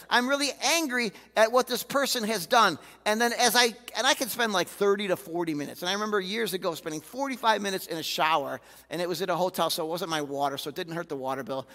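A man preaching a sermon as a pastor, candid and animated, often acting out the voices he quotes. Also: high-pitched. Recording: reverberant hall.

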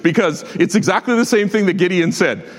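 A man preaching a sermon as a pastor, emphatic and exhorting his congregation with quick asides. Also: high-pitched, expressive. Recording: long hall reverb.

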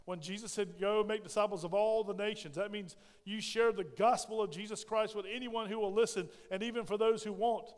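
Guy pastor preaching, high-ish voice, folksy, keeps saying right?, big echoey church. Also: fairly even intonation, brisk, hardly any pauses. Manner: folksy storytelling with asides; frequent "right?" check-ins. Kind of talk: sermon.

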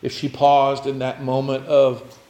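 A man preaching a sermon, retelling scripture in a reflective storytelling way, often dropping to a near hush. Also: medium pitch, completely flat delivery, measured pace.

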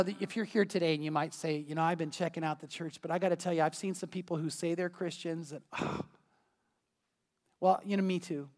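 A man preaching a sermon as pastor, telling a story in a lively, emphatic way in a church. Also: high voice. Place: church sanctuary. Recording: long hall reverb.

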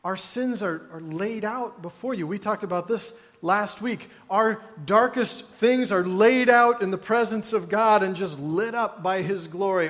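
A man's voice: high voice, fairly bright tone. A man preaching a sermon in a conversational way, with wry asides and mock groans. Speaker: pastor. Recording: long hall reverb.

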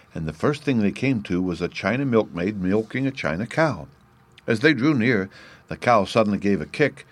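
A man narrating a classic storybook chapter in a measured, even way. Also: fairly low pitch. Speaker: audiobook narrator.

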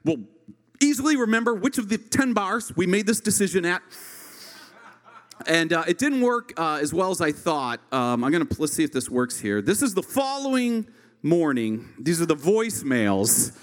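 Stand-up comic in his thirties, high lively voice, tells stories full of voices. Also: normal speed, long reverb tail. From rural Ohio. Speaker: stand-up comedian. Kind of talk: stand-up storytelling.

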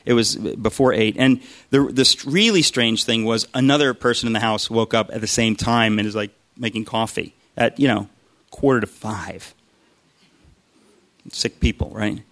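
A man's voice: on the low side, fairly even intonation, moderate pace, a bit bright. A man casually telling a personal faith story, rambling and self-deprecating, with frequent restarts and asides.

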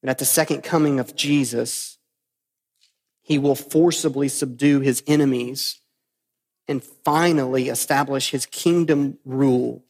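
A man's voice: mid-range voice, steady tone, a little slow, darkish tone, big-room sound. A man preaching a sermon as pastor, emphatic and repeating phrases for stress.

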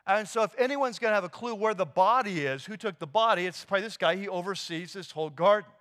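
A pastor retelling a scripture story in a sermon, animated and casual with slang and fillers. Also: male voice, high-pitched, fast talker. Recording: long hall reverb.

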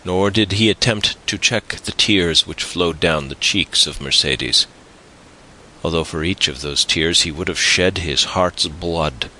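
A male audiobook narrator with a deep, low voice and a bright, forceful tone. He reads a classic novel slowly, in a measured, deliberate manner. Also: slight background noise, poor audio. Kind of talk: scripted narration.

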